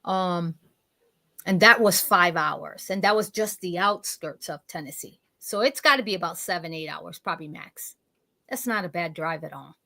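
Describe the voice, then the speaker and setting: A woman's voice: on the low side, moderate pace, gravelly, sharp tone. A woman guest in casual chat, rambling a little with many restarts.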